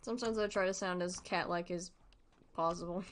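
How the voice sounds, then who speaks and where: A woman's voice: fairly low pitch, fairly even intonation, a little fast. A 22-year-old woman streaming a game, chatting casually and playfully with frequent giggles. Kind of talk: casual gameplay chat.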